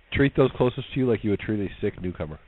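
A man co-hosting a casual chat show, amused and animated. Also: fairly low pitch, fairly quick, phone-quality sound, slight background noise. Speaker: co-host.

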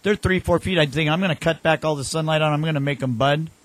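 A man telling animated anecdotes in casual chat, acting out the voices of people in his stories. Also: on the high side, fast, slight background noise. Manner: animated anecdotes with acted-out quotes.

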